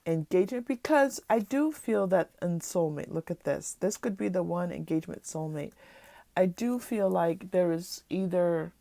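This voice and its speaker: A woman with a stuffy, nasal voice from a cold, giving a gentle, reassuring pick-a-card tarot reading. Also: on the low side, normal speed, vocal fry, no room sound. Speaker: tarot reader.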